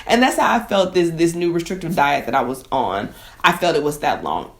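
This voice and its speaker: Emotional low-voiced woman chef. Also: expressive, a little fast. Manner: emotional, conversational, addresses viewers as y'all. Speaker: chef and cooking teacher. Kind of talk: personal story to camera.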